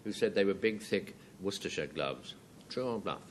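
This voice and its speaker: A man hosting a TV panel game, announcing turns and summing up in a brisk, wry way. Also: low-pitched, expressive, noisy background. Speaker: quiz host.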